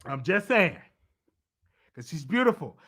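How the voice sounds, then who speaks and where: A man with a bright, sharp-edged voice hosts a celebrity gossip show, delivering blunt, opinionated commentary. He talks in an animated way, his pitch leaping high whenever he stresses a point. A slight congestion sits in his voice throughout. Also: unhurried. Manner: animated, swoops up high for emphasis. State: congested, stuffy voice.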